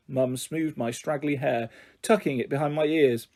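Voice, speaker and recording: A man calmly reading a children's novel aloud as a storyteller. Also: mid-range voice, normal speed.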